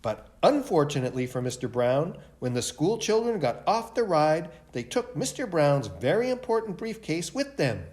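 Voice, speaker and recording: A man, a library director, reading a picture book aloud for a children's storytime in an expressive way. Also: on the high side, normal speed, few pauses.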